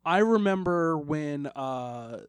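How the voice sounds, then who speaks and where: A man's voice: fairly high pitch, animated, slow pace, clear, resonant tone, dry recording. A young man from Maryland co-hosting a casual podcast, joking, swearing and laughing often. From Maryland, USA. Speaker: podcast co-host. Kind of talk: casual chat.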